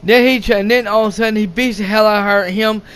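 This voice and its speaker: High, smooth-voiced rambling man. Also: steady tone, fast talker, a bit bright. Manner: repetitive, many restarts and swearing. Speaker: movie reviewer. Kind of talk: casual rambling plot recap.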